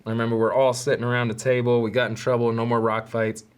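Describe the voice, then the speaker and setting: A man's voice: mid-range voice, level tone, quick pace, clear, resonant tone. A man hosting his own podcast, telling stories from childhood in a candid, rambling, self-deprecating way. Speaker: podcast host. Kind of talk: solo storytelling podcast.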